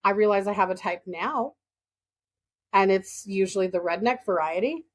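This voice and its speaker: A woman's voice: medium pitch, normal speed. A woman in her late twenties co-hosting a podcast in casual chat, swearing freely and acting out other people's lines as she tells stories. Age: late 20s. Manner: swears freely, acts out quoted dialogue in storytelling. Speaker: podcast co-host.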